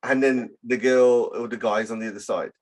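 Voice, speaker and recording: A man's voice: mid-range voice, steady tone, normal speed, a little mellow. A man chatting casually as a podcast co-host, rambling and hesitant with many fillers. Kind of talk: casual chat.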